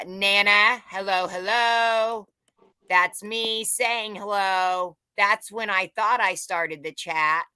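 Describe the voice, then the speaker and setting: A woman's voice: medium pitch, pushed and bright, clear, resonant tone, no echo. A woman hosting a livestream, chatting casually, joking and greeting viewers by name. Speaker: livestream host. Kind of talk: casual live-chat greetings.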